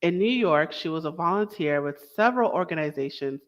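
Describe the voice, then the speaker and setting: A woman's voice: low voice, expressive, brisk. A young woman hosting a casual talk show, chatty and enthusiastic, with small asides and self-corrections. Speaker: host. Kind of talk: casual podcast introduction.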